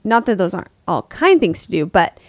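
A woman's voice: mid-range voice, sing-song, fairly quick, no echo. A woman in her thirties co-hosting a parenting podcast, chatting casually and acting out quoted voices. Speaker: podcast co-host.

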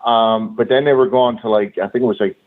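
A man's voice: on the low side, fairly even intonation, a little fast. A man, a former wrestler, recounting road stories as a guest in a loose, profane, filler-heavy way. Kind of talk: casual storytelling. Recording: tinny phone-line audio.

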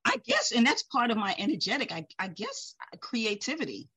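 A woman from the Caribbean, a guest speaker in a casual interview, telling lively stories, acting out quotes and laughing often. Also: on the high side, normal speed, breathy edge, poor audio.

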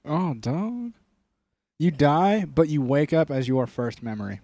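A man's voice: fairly high pitch, animated, unhurried, mellow, no echo. Joking young man on a dry podcast mic. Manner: crude, joking, riffs on bits. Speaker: podcast co-host. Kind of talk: casual comedic chat. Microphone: studio microphone.

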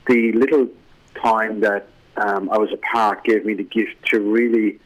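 Low-voiced Irish man on radio. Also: lo-fi sound. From Ireland. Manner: rambling, many fillers and restarts. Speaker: radio guest. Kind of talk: casual radio interview.

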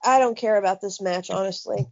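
A woman's voice: mid-range voice, a little fast, gravelly, a little mellow, no room sound. Blunt, profane woman on lo-fi audio. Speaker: podcast co-host. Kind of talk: casual chat. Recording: dull, dry, lo-fi podcast audio.

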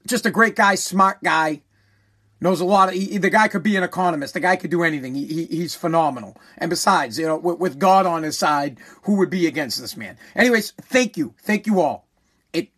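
A man in his forties with a high, slightly bright voice hosts a casual monologue, telling a rambling story. He's profane and emphatic and keeps repeating himself.

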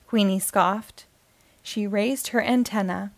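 Slow, expressive woman reading to kids. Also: mid-range voice, no room sound. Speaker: host and reader. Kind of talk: reading a children's book aloud.

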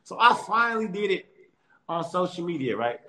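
A man, a comedian, telling stories in a casual interview from home over a call, animated and laughing often, with quick restarts. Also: high voice. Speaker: comedian guest.

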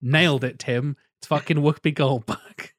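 A man's voice: fairly high pitch, fairly even intonation, moderate pace, a bit bright, no room sound, studio quality. A man hosting a casual film podcast, swearing freely and quizzing his co-hosts. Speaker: podcast host.

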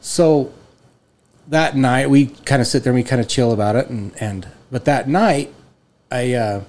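A man in his forties telling a long rambling story on a podcast in a casual, animated way, full of restarts. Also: mid-range voice, a little slow. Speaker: podcast host.

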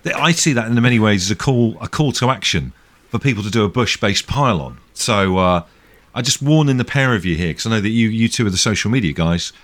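A man's voice: lowish voice, animated, fairly quick, fairly bright tone. A man in his thirties co-hosting a podcast over a video call, chatty and jokey in a casual chat. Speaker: podcast co-host.

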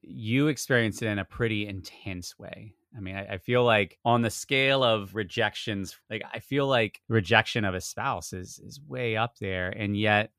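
A male podcast host with a lowish voice who responds thoughtfully to his guest and affirms her story. The recording is dry and close, with no room sound. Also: normal speed, few pauses, fairly bright tone, no room sound. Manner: reflective, affirming. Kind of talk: interview conversation.

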